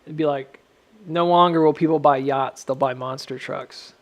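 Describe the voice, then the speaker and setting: A man's voice: on the high side, steady tone, moderate pace. A man giving casual, rambling, self-mocking commentary while drawing lines on stock charts.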